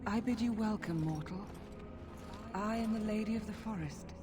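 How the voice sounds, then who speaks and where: An actress playing a serene, commanding ancient female forest spirit in a video game, speaking calmly and regally in a hushed voice. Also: mid-range voice, normal speed, natural voice. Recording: game audio from afar over music.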